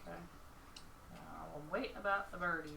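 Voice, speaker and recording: A woman's voice: fairly low pitch, steady tone, brisk, gravelly, pushed and bright, slight background noise. A woman playing a tabletop game, bantering playfully and swearing casually. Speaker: player. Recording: roomy, distant mic.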